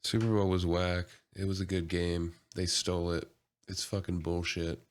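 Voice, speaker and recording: A deep-voiced male podcast co-host chatting casually. He keeps things laid-back and answers with short, blunt quips. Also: flat delivery, normal speed. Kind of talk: casual chat.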